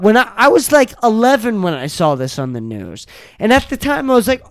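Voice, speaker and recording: Profane young podcaster on an animated rant. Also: medium pitch, fairly quick. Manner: angry, profane, ranting, shouts at times. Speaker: podcast host.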